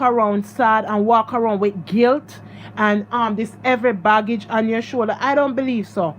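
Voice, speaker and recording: A Jamaican woman with a high, ringing voice pours out a personal story to her viewers, hammering her points home through repetition. A faint hum of passing vehicles sits low behind her. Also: fairly even intonation, normal speed. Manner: emphatic and repetitive, addressing viewers directly. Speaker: vlogger. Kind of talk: emotional storytime vlog.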